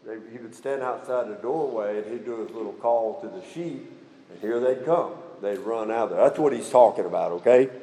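A man's voice: lowish voice, moderate pace, warm tone, slightly rough. A middle-aged man teaching the Bible in a folksy, conversational way, often checking in with "okay?". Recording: long hall reverb.

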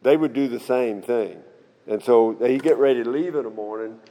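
A man's voice: mid-range voice, moderate pace, mellow. A middle-aged man teaching the Bible in a folksy, conversational way, often checking in with "okay?". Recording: long hall reverb.

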